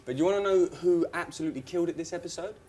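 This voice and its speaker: A man's voice: on the high side, rapid-fire, a little mellow, slight background noise. A British man hosting a casual TV fan panel, joking and laughing often. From Britain. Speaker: host.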